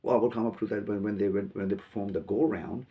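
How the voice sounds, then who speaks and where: A man from Pakistan, giving halting commentary on a video and repeating words as he thinks. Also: lowish voice, steady tone, mellow, husky, recorded from a distance.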